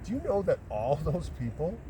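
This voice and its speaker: A man's voice: fairly high pitch, huge pitch swings, moderate pace. A man being interviewed as a council candidate in casual outdoor chat, talking in a jokey, rambling way. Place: outdoors on a bluff by the lake. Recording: distant mic outdoors with ambient noise.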